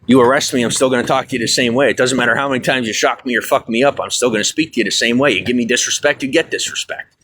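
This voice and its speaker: A stressed, fired-up man venting on a livestream, swearing often and swinging from loud outbursts to low mutters. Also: racing, a little hiss or hum. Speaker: livestream host. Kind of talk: angry livestream rant. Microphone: phone.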